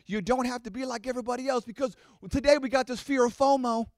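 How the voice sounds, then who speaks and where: High-voiced man preaching a sermon. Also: fast, no echo, clean studio sound. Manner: animated preaching, acting out voices of the congregation. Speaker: pastor.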